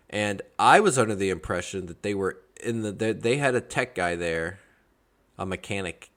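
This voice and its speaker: A man from Georgia hosting a podcast, telling his stories in a casual, animated and jokey way. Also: sits low. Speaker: podcast host. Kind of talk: casual storytelling chat.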